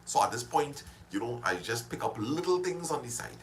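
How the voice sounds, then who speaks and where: A man's voice: medium pitch, very animated, fairly quick, low-quality recording. Preachy man with faint hum. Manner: preachy, repetitive exhortations. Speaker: live streamer. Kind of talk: motivational live-stream talk.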